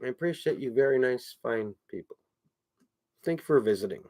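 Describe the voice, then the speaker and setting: A man's voice: medium pitch, expressive, moderate pace, pauses often, a little mellow. Rambling, profane man chatting casually. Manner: rambling, profane, repeats phrases. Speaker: streamer.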